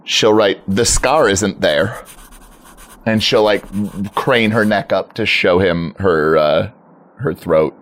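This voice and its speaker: A man's voice: low-pitched, slow, a bit bright. A man playing a tabletop game, casually narrating what his silent character does in third person. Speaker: player. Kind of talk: narrating a mute character's actions.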